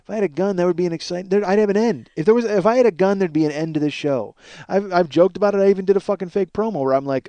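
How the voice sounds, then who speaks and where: A man's voice: sits high, very fast, warm tone, no echo. A man hosting his own podcast, rambling and mocking himself, tired and yawning, swearing a lot. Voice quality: profane, self-mocking, frequent restarts and yawns. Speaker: podcast host. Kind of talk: rambling self-deprecating podcast monologue.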